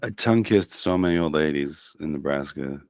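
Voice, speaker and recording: A man's voice: rumbling low, a little fast, a little mellow, dry recording, studio quality. A man co-hosting a podcast in casual, joking chat, his voice a little worn from losing it. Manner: joking, wry. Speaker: podcast co-host.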